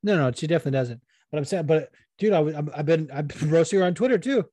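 Young man, podcast co-host, laughing banter, swears a lot, slightly high pitch, dry close mic. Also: animated, quick pace, warm tone, no echo. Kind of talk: casual podcast chat.

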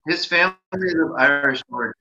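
A man's voice: fairly high pitch, fast, sharp tone, dull audio, a little hiss or hum. A man in casual podcast chat, polite and asking questions.

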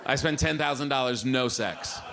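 A middle-aged man performing a live stand-up routine, animated, acting out the voices of his family. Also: mid-range voice, moderate pace, vocal fry. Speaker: stand-up comedian. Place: comedy club stage. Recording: live club with audible room noise.

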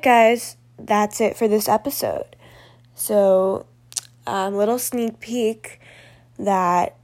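A woman reading her own story aloud in a plain way, turning casual with fillers when she chats off the script. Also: medium pitch.

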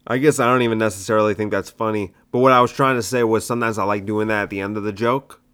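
A man's voice: fairly low pitch, steady tone, quick pace, fairly bright tone, smooth. A young adult man, a stand-up comedian hosting his own show, rambling casually and mocking his own old jokes. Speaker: stand-up comedian and podcast host. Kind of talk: casual solo podcast monologue.

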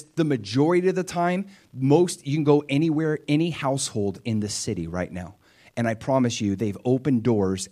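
Lively middle-aged male pastor preaching. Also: mid-range voice. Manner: animated, laughs often, talks straight to the congregation. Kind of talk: sermon.

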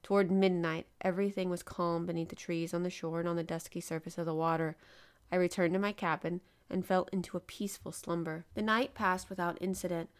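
A woman hosting a podcast, reading a classic novel aloud in a lively way and giving the dialogue voices. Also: fairly low pitch, brisk, clean tone. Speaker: podcast host and reader.

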